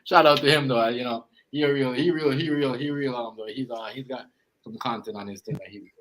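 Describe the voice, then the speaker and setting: A man's voice: medium pitch, fairly bright tone, a little hiss or hum, rough recording. Rambling man on a casual podcast. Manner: loose, rambling, repeats phrases. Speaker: podcast host. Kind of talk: casual chat.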